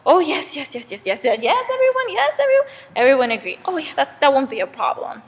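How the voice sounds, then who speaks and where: A woman voicing an eager, excited female queen bee in a told fable. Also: sits high, quick pace, slightly rough, long reverb tail, heavily acted.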